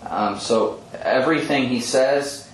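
A man's voice: mid-range voice, unhurried, a little hiss or hum. Guy explaining bible verses to a study group, earnest, kinda echoey room. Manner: earnest, explanatory, quotes scripture, frequent ums. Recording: echoey room with faint ambience.

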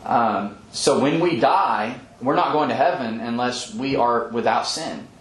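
A man leading a Bible study, explaining scripture earnestly with frequent pauses and ums, often quoting verses. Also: mid-range voice, a bit bright. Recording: echoey room with faint ambience.

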